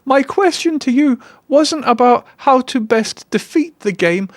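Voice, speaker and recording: A man putting on a high-pitched mock accent to address an AI, mock-formal and slipping. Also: animated, unhurried, no room sound, clean studio sound.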